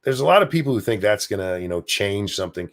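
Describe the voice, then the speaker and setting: A man with a lowish voice talks loosely on a home livestream, drifting between thoughts and swearing offhandedly. He reads viewer comments aloud and answers them in an easygoing, unscripted way. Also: big pitch swings, quick pace. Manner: rambling, profane, offhand. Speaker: livestream host. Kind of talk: casual livestream chat, reading viewer comments.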